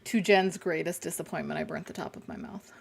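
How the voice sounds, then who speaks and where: A woman's voice: fairly low pitch, fairly even intonation, fairly quick, gravelly, noisy background. A woman hosting a casual game livestream, chatting with viewers in a playful, sarcastic way and making innuendo jokes. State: burnt mouth. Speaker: livestream gamer host. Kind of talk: casual live-stream chat with viewers.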